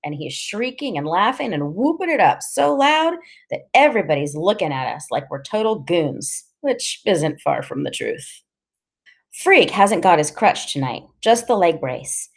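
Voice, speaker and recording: A woman's voice: lowish voice, big pitch swings, unhurried, creaky. A woman reading a first-person story aloud in a casual, slangy storytelling manner. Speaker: audiobook reader.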